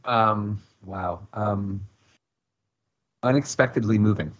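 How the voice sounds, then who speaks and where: A man on a podcast panel, talking in an animated, rambling way and acting out his own reactions. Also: lowish voice, slow pace, highs cut off. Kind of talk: casual podcast chat.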